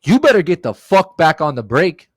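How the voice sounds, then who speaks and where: A man's voice: high-pitched, very animated, moderate pace, fairly bright tone, dry recording, clean studio sound, pitched above the performer's own voice. A man imitating an angry, short-tempered male team boss who barks threats. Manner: barking, threatening.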